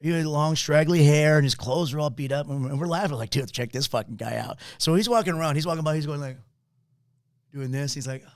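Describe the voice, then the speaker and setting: Fast-talking swearing podcast host. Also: male voice, on the high side, clear, resonant tone, no room sound, clean studio sound. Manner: rambling, swears a lot, laughs at own stories. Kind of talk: casual storytelling chat.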